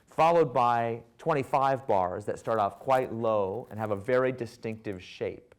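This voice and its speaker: A man in his thirties from the United States, giving a public talk with wry, animated storytelling that acts out dialogue. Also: medium pitch, unhurried. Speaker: author and speaker. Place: lecture hall with audience.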